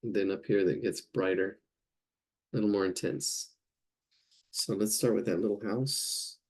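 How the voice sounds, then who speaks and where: A man's voice: lowish voice, unhurried. A man teaching a live painting class, thinking aloud as he works and searching for words. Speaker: art instructor.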